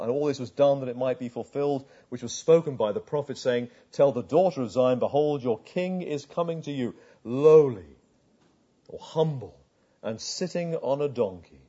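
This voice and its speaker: A man preaching a sermon, retelling scripture with earnest rhetorical questions and dropping to a hush at tender moments. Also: medium pitch, breathy edge. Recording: dull lo-fi sound.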